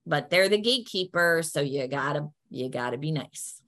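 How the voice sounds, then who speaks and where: Woman, lowish voice, easygoing advisor, friendly and practical in a Q&A. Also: lively intonation, normal speed, fairly bright tone. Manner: friendly and down-to-earth, acts out polite phone lines. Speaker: patient advocate answering questions. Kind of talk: practical advice in a Q&A.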